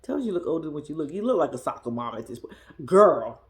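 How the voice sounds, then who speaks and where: Sassy, animated woman recapping TV. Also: fast talker. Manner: sassy, animated, slangy, mimics people in high squeals. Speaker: reality TV recap vlogger. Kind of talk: casual recap commentary.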